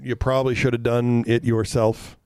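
A man co-hosting a podcast in relaxed conversation, mid-pitched, with a frank, profane storytelling habit. His voice sits close and dry, with no room around it. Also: normal speed, clean tone, no echo. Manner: candid, swearing storyteller. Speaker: podcast co-host. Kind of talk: casual chat.

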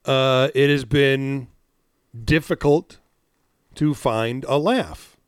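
A man hosting a news-comedy podcast, chatting casually and reading news with wry deadpan asides. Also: medium pitch, slow, clear, resonant tone, dry recording, studio quality. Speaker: podcast host.

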